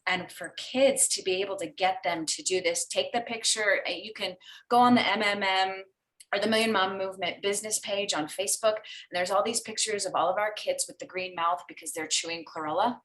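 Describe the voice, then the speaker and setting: A woman's voice: mid-range voice, steady tone, brisk, fairly bright tone, poor audio. A woman on a video call giving upbeat, practical business advice in a chatty way. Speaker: call participant.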